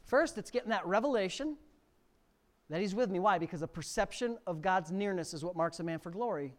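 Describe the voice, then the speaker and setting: A middle-aged male pastor preaching a sermon, swinging from quiet reading to near-shouted emphasis. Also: sits high, expressive, fairly quick. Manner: preaching with sudden loud rises to near shouting.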